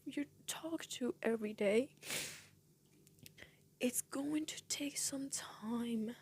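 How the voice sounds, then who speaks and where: Young woman, slow and halting with frequent whispered passages, tearful, breathy, somewhat high voice; personal vlog storytelling. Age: young adult. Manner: soft, halting, often drops to a whisper. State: tearful, voice breaking. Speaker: vlogger.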